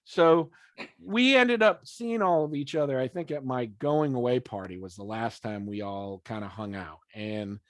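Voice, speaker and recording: In a casual band interview for a podcast, a man speaks at normal speed with a medium pitch, and there's no room sound. He's an animated storyteller who curses freely, laughs frequently, and quotes people by performing their voices.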